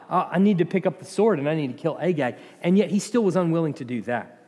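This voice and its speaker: A man preaching a sermon in a conversational, animated way, often acting out the voices of the people in the story. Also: high voice, big-room sound. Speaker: pastor.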